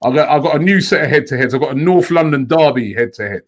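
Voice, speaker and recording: Man hosting, slightly high voice, hesitant, stumbling over his words. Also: lively intonation, quick pace. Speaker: host. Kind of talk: football debate hosting.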